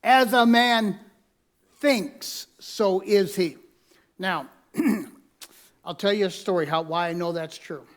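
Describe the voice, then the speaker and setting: A male pastor with a notably high voice delivers a sermon in a church. He teaches from notes, repeats his main points for emphasis and tells listeners to circle or underline words. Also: slow, long pauses. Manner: repeats key lines for emphasis. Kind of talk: sermon with personal story. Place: church sanctuary.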